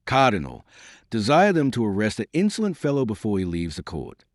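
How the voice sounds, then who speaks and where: A man reading the lines of a haughty, disdainful queen in an audiobook, in a lively voice. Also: fairly low pitch, brisk, no echo, clean studio sound. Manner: disdainful, imperious. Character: haughty proud queen, a grown woman.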